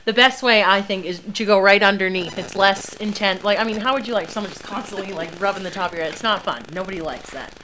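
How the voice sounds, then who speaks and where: A woman's voice: medium pitch, fast talker, hardly any pauses, background noise. A young woman training service dogs, chatting casually through a live Q&A, laughing often and filling with ums and likes. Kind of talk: casual livestream Q&A.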